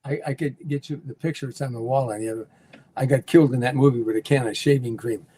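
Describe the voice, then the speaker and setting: A man's voice: medium pitch, fairly even intonation, fast talker, dark tone, slightly rough. An older man, a guest comedian, telling show-business stories and acting out what people said. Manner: storyteller who acts out quoted lines. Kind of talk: casual anecdote telling.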